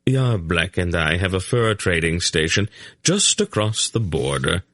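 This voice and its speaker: A man's voice: sits low, big pitch swings, a little slow, fairly bright tone, no room sound, clean studio sound, heavily acted. A man doing a smug, urbane spy. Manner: urbane, breezy, dryly witty. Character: sly urbane male spy and trader, smug.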